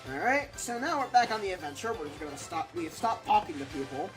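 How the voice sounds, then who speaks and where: A woman's voice: on the low side, very animated, fast talker. A woman giving casual, wry commentary while playing a video game, with chatty joking asides. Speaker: let's play gamer. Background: game music.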